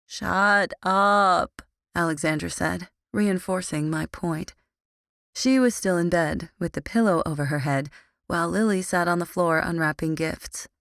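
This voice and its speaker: A woman narrating a young adult audiobook in the first person, her low voice full of vocal fry. She reads with a dry, sardonic edge, recorded close in a dead, dry booth. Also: normal speed, dry recording.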